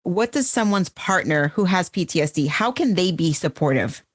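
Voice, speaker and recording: A woman's voice: lowish voice, lively intonation, normal speed, no room sound, studio quality. A woman hosting a podcast, chatting expressively with her guests. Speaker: podcast host. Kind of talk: casual podcast conversation.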